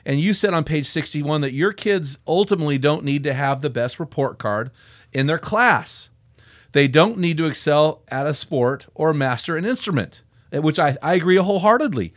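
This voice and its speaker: A man hosting a faith-focused podcast interview, enthusiastic and quick to quote authors. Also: a little high, expressive, dry recording, studio quality. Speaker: podcast host.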